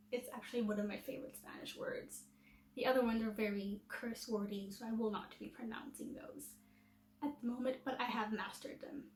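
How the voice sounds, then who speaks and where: A woman's voice: on the high side, echoey room, low-quality recording. A woman vlogger chatting casually and self-deprecatingly to camera, laughing at herself.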